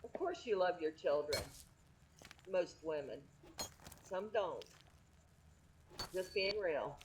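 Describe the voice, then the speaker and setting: A woman's voice: on the low side, lively intonation, takes it slowly, a little hiss or hum, low-quality recording. A middle-aged woman streaming from home, chatting candidly and rambling with frequent restarts. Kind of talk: casual chat.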